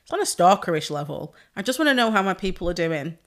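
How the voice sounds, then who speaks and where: Sweary, effusive woman, low voice. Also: very animated, fast. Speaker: pole dance instructor. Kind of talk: casual podcast chat.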